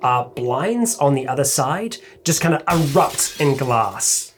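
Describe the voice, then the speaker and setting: A man's voice: mid-range voice, animated, slow pace, slight background noise. Casual New man narrating a game. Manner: rambling, full of fillers and swearing. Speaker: game master.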